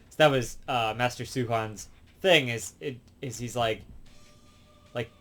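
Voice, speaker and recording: A man's voice: mid-range voice, a little slow, a bit bright, faint music behind. Rambling man recapping a cartoon episode. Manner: rambling, full of fillers and self-corrections. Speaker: show reviewer.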